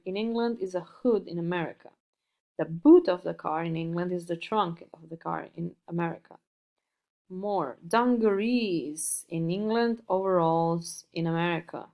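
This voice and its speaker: A female teacher walks through English vocabulary at an unhurried, deliberate pace. Her voice sits a little low for a woman, and she says key words twice so that students can follow. The delivery is patient and plainly instructive. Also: darkish tone. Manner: repeats words slowly and carefully for learners. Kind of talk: recorded online English lesson.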